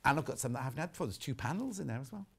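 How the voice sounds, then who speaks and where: A man's voice: mid-range voice, animated, very fast, very noisy. A middle-aged man presenting fabrics on a live shopping show, chatty and teasing. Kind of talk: live sales presentation with chat.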